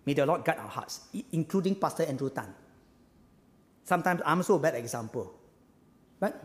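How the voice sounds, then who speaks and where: Animated high-voiced Singaporean pastor preaching. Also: male voice, brisk. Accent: Singaporean English. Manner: animated, peppered with "ah" and "lah" tags, rhetorical questions. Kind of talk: sermon. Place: church hall. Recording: long hall reverb.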